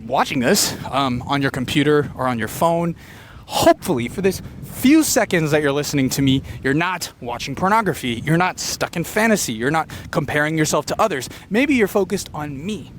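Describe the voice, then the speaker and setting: Man, rambling comedy monologue, fast tangents, slightly raised pitch, faint ambient noise outdoors. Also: animated. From Filipino heritage. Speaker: comedian podcaster. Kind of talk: unfiltered stream-of-consciousness monologue. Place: beach location outdoors.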